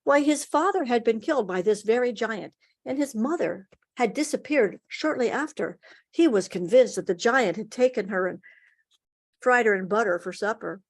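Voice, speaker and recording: A woman storyteller telling a folktale at an online story swap, expressive, with dramatic pauses and emphasis, heard over a video call. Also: fairly high pitch.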